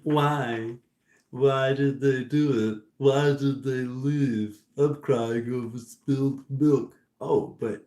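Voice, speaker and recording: A man giving a casual, animated tarot reading, teasing and talking to himself as he turns the cards. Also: medium pitch, takes it slowly, reverberant. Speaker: tarot reader.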